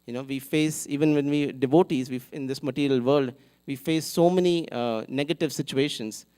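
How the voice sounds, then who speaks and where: A man's voice: medium pitch, normal speed, mellow, smooth. A man giving a live sermon at a temple, telling a devotional story in a conversational way and acting out its characters. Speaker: temple speaker.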